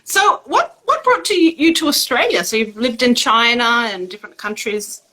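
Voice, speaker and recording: Upbeat woman hosting, bright voice. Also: fairly high pitch, expressive, normal speed, rough recording. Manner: upbeat and warm, with frequent laughs. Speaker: host. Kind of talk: casual interview chat. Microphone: video call.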